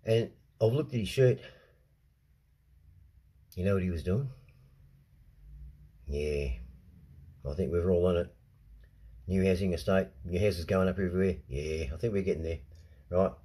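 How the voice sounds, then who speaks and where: Husky, heated Australian man ranting. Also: sits low, a little slow, long pauses, mellow. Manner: heated, profane, repeats himself, keeps asking "right?". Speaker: vlogger. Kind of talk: casual ranting monologue to camera.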